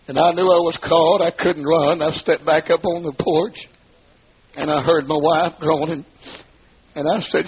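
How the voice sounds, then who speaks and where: A middle-aged man telling his testimony as a sermon, in an emphatic storytelling style that rises into shouts, on a dull lo-fi recording. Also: fairly high pitch, steady tone, a little slow, breathy edge. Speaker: preacher giving testimony.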